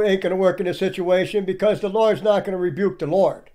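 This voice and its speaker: A man's voice: high-pitched, a little fast, mellow. A man giving indignant, preachy commentary over clips and firing off rhetorical questions. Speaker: online commentator.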